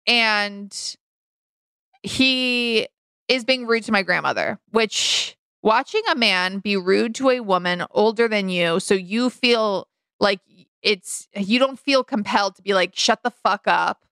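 A woman co-host telling a rambling family story in a relaxed podcast chat. Her voice is bright and edgy, with a gravelly fry at the ends of phrases. It sits smooth and close in a dry, dead room. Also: slow, no room sound. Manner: chatty, acts out quoted lines with big pitch jumps.

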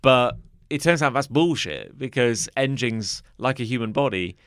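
A man's voice: mid-range voice, animated, moderate pace, fairly bright tone, clear, resonant tone, no echo. A man co-hosting a comedy podcast, riffing on absurd ideas with dry wit. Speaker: podcast co-host.

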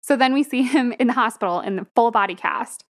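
A woman's voice: a little high, fast talker. A young woman co-hosting a podcast, casually recapping a film plot and laughing often as she talks. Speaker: podcast co-host. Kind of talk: casual movie review chat.

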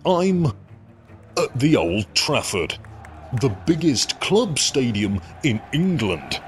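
A man's voice: medium pitch, noisy background. A man voicing a blustery TV presenter who delivers football commentary in pompous, blunt pronouncements as a comic parody.

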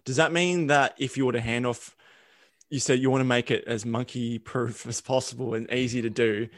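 A man's voice: mid-range voice, fairly even intonation, moderate pace, dry recording, clean studio sound. A man hosting a podcast interview, curious and affirming, often restarting his questions. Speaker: podcast host. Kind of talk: casual interview chat.

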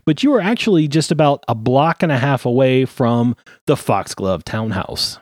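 A man running a tabletop game as game master, narrating in an unhurried, hesitant way with fillers. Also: medium pitch, animated, darkish tone, no echo, studio quality.

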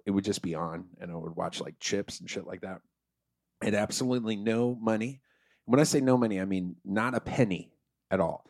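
A man telling a comic story in a loose, profane, animated way, acting out the characters. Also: lowish voice, brisk, no room sound, studio quality. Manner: profane, animated, acts out voices.

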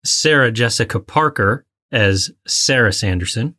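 A woman's voice: extremely low pitch, lively intonation, measured pace, sharp tone. A woman co-hosting a casual movie podcast, playful and giggly as she runs through the cast and facts. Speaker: podcast co-host.

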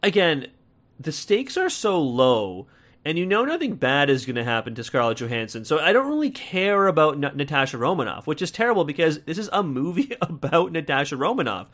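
A man's voice: on the high side, very animated, brisk, a bit bright. A man with an American accent giving a casual, rambling film review, full of fillers and restarts, with wry laughs.

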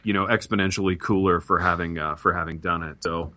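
Man, comedy podcast co-host, lowish voice, bright and punchy, playful deadpan riffing. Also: a little fast. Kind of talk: improvised comedy banter.

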